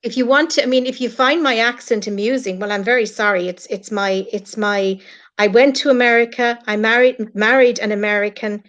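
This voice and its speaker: A middle-aged Irish woman speaks in an earnest, heartfelt way, addressing her critics head-on. Her voice sits a little high. The stream audio is muffled and lo-fi. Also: fairly even intonation, a little fast, fairly bright tone. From Ireland. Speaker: guest on a live stream. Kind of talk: emotional live-stream chat.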